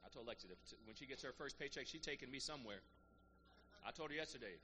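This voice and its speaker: Preacher guy giving a sermon, real bright tone, voice jumps all over, faint room noise behind. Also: mid-range voice, fast talker. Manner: lively, preaching with rising emphasis and call-and-response asides.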